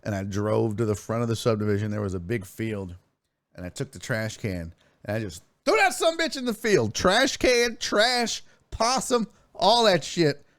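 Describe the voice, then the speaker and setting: A man hosts a sports stream in a loose, casual chat, telling stories and reading viewer messages out loud. His delivery is animated, with a pitch that swings up and down a lot. He is recorded close and dry, with almost no room sound. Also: moderate pace, dry recording. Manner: animated, reads chat messages aloud and swears freely. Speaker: sports streaming show host.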